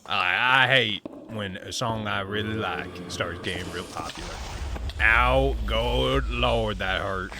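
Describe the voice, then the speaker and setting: Streamer, male, low-pitched, slightly scratchy, doing a put-on Southern cowboy drawl for a live game stream, noisy audio. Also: takes it slowly. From Ohio, USA. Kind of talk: live gaming stream chat in cowboy role-play.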